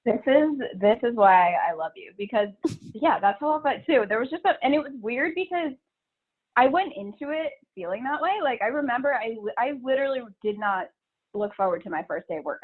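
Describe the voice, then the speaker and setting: A woman's voice: mid-range voice, lively intonation, a little fast, breathy edge. Candid woman on a tinny line. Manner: candid, swears casually, laughs often. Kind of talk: casual podcast chat.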